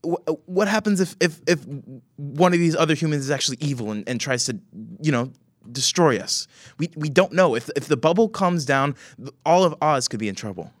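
A man's voice: fairly high pitch, animated, brisk, no echo, studio quality, voice pushed up, natural voice. A man voicing a wary young woman who argues urgently. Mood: worried.

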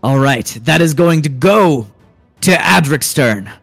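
A man narrating a tabletop game as game master, unhurried and hesitant with fillers. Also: on the high side, expressive, gravelly, fairly bright tone, dry recording, soft background music.

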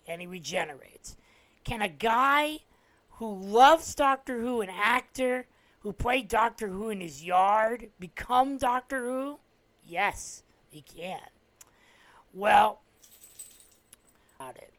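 A man from New Jersey, with a New Jersey accent, hosts a casual solo podcast, retelling stories in a rambling way with many "uh" fillers and restarts. His high-pitched voice has lively intonation and a fairly bright tone. He speaks slowly, with long pauses.

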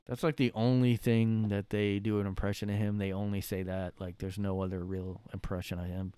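A man talks through a solo podcast from his room, rambling and laughing at his own jokes. His voice is mellow and smooth. The sound is dry and close. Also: fairly low pitch, little pitch movement, a little fast, hardly any pauses, dry recording. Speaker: podcast host. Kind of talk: casual solo monologue.

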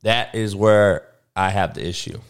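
A man's voice: fairly low pitch, measured pace, clean tone. A man hosting a casual streamed sports chat, swearing freely and bantering. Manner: profane, animated, laughing banter. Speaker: sports show host.

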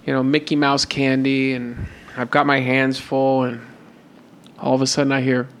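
A man co-hosting a podcast, telling a story in a casual, animated way and acting out both sides of the conversation. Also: mid-range voice, normal speed. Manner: animated retelling with repeated "and I'm like". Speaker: podcast co-host.

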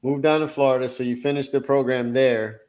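A man's voice: medium pitch, fairly quick. Male host, mid-range voice, laid-back and encouraging interview style. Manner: relaxed and encouraging, with fillers like "right?". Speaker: podcast host. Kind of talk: casual interview chat.

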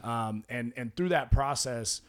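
A man, a former pro athlete and gym founder, chatting as a podcast guest and acting out quoted dialogue in a relaxed storytelling way. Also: medium pitch, measured pace. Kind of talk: casual chat.

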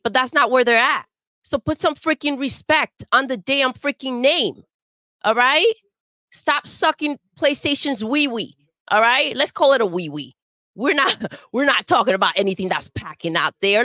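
A woman co-host tears into a gaming topic in a fired-up, profane rant, hammering the same jabs over and over. Her voice sits fairly high, and the sound is dry and close. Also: pushed and bright, dry recording. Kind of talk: heated gaming rant, casual chat.

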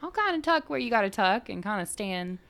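A woman's voice: medium pitch, big pitch swings, a little fast, vocal fry, a crowd in the background. A woman co-hosting a podcast, chatting frankly and playfully and giggling often. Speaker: podcast co-host. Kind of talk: casual chat.

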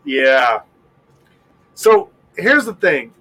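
A man co-hosting a podcast, telling jokes in a playful, animated casual chat. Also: a little high, extremely slow, rough recording. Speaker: podcast co-host.

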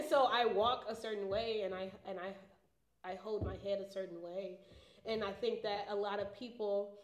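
In a casual panel discussion, a young adult woman talks animatedly, laughing often and mimicking voices. Her medium-pitched voice keeps a measured pace. The recording comes from a garage, and the room sounds echoey.

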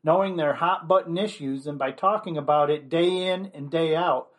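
A man's voice: fairly high pitch, moderate pace. A man giving an opinionated commentary monologue, blunt and rambling, leaning on constant "you know" fillers.

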